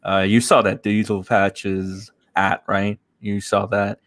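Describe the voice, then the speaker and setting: Brief: male co-host, low voice, dry close sound, sarcastic deadpan delivery. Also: slow pace, no echo. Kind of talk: casual commentary chat.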